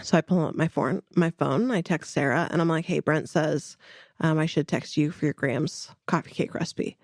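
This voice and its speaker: Lady cohost chatting away telling a family story, kinda low voice, dry mic. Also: normal speed, darkish tone, dry recording. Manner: chatty storyteller, acts out quotes with laughs. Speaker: podcast co-host. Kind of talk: casual chat.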